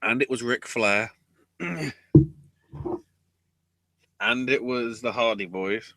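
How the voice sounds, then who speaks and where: Slow-talking sarcastic man, very bright voice. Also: mid-range voice, vocal fry, no echo. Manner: sarcastic, swears freely, breaks into goofy voices. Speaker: podcast co-host recapping wrestling. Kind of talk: casual recap chat.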